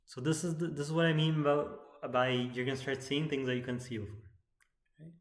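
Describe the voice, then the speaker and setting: A man teaching poetic meter in an explanatory lecture, often checking in with "right?" and chanting verse lines slowly. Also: fairly high pitch, fairly even intonation, reverberant. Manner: keeps asking "right?" as he explains.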